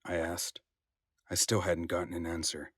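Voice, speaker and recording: A man reading a first-person audiobook passage in a measured, storytelling way. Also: low-pitched, monotone, no room sound, clean studio sound. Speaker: audiobook narrator.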